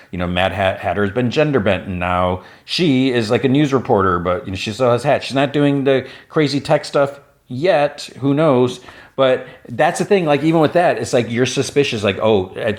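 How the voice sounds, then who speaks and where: A man hosting a podcast, recapping an animated episode in a chatty, rambling way with lots of fillers and restarts. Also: mid-range voice. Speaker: podcast host.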